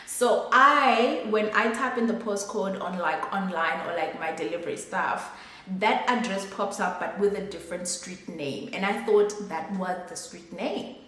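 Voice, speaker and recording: A young adult woman vlogger tells her viewers a story in a casual, chatty, exasperated storytime. Her medium-pitched voice is fairly bright and a little slow, recorded in an echoey room.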